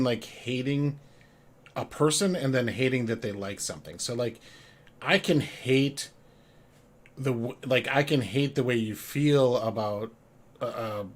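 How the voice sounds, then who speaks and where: A man with an average-pitched voice, talking casually as a podcast co-host. He reasons through his points in a halting way, restarting as he goes. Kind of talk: casual chat.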